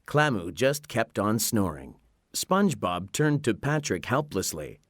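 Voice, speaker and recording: Man, storybook narration, slow, lively pitch, dry close sound. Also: dry recording. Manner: slow, expressive reading. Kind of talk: scripted narration.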